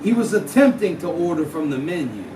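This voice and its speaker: On stage at a small house-show venue, a musician tells a hyperbolic, slang-heavy comic story in a drawl. His fairly high voice is animated and brisk. A distant mic in the echoey room picks up live music, guitar, and background noise.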